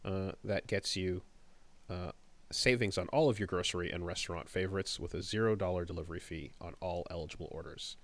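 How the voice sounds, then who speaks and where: A man's voice: low voice, brisk, a bit bright. A man in his thirties co-hosting a casual podcast, rambling and trailing off with many fillers. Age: 30s. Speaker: podcast co-host. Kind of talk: casual chat and host-read ad.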